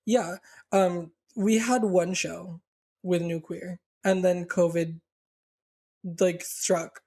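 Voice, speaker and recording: A young man with a South Texas accent, co-hosting a casual podcast chat, talking freely with lots of "like" fillers and quick restarts. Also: high-pitched, fairly even intonation, a little mellow, slightly rough. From Rio Grande Valley, South Texas. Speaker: podcast co-host, drag performer.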